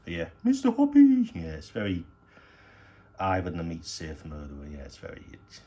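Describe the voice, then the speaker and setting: A man's voice: extremely low pitch, fairly even intonation, moderate pace, highs cut off. A man casually showing his DVD collection at home, rambling and hesitant with frequent restarts and casual swearing. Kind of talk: casual unscripted show-and-tell.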